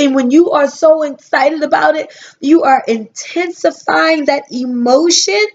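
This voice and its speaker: A woman giving a motivational talk, emphatic, stretching her key words out slowly. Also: high voice, muffled recording. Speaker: motivational speaker.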